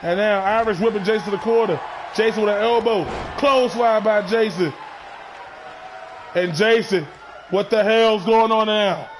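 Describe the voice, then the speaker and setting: A man with a very high voice calls a wrestling match play by play, loud and excitable, often shouting and tripping over his words. A faint crowd murmurs behind him. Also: moderate pace, noisy background. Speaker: wrestling commentator. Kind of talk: play-by-play commentary.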